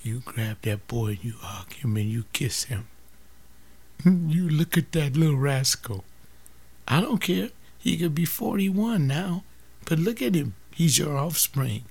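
An older man giving an impassioned sermon-like talk to an audience. He acts out family dialogues, swinging between loud appeals and hushed urging. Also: on the high side, expressive, unhurried, gravelly, breathy edge.

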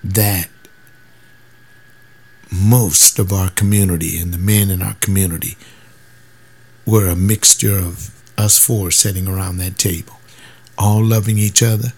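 Older man, gravelly voice, emphatic preachy monologue, former soldier. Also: deep voice, fairly even intonation, a little slow, pauses often, a little mellow. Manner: preachy, emphatic, mimics other people's voices. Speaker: former soldier sharing views. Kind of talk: casual monologue.

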